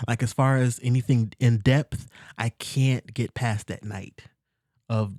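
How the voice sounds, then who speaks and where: A man sits close to a dry-sounding mic as a podcast guest and tells a painful family story. He speaks earnestly and haltingly, circling back over his words as emotion rises, close to tears. His pitch sits in an ordinary middle range. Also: steady tone, darkish tone, dry recording. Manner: earnest, halting, repeats himself as he works through feelings.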